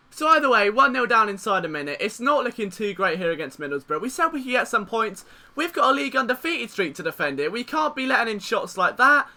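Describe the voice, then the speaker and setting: A young man giving jokey, excitable let's-play commentary on a football management game, lurching between despair and cheering. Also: sits high. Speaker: gaming commentator.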